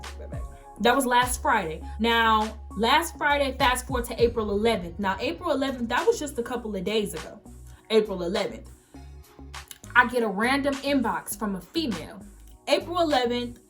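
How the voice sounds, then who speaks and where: A young woman in her late teens telling a story-time vlog, animated and emphatic, acting out the quoted messages as she goes. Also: mid-range voice. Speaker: vlogger.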